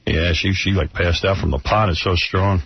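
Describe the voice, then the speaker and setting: A man's voice: low-pitched, steady tone, moderate pace, gravelly, breathy edge, no room sound. A male radio host in crude, joking casual chat. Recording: muffled radio broadcast.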